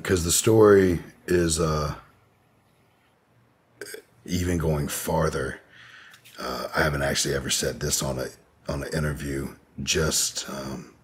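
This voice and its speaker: Guy with a super low raspy voice, laid back, rambling through a story on a podcast. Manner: laid-back, rambling, lots of "you know". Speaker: podcast guest. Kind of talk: candid storytelling in an interview.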